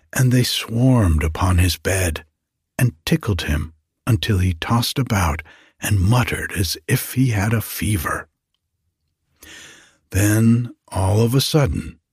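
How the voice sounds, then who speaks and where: A man reading a fairy tale aloud as a bedtime story, slow and expressive. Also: fairly low pitch, husky, dry recording, studio quality.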